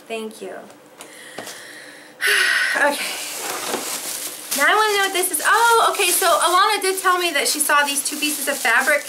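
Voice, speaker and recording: A woman's voice: high voice, noisy background. A young woman vlogger chatting casually as she opens fan mail, gushing and exclaiming over each gift. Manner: gushing, gasping and exclaiming, laughs often. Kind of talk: casual unboxing chat. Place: home craft studio.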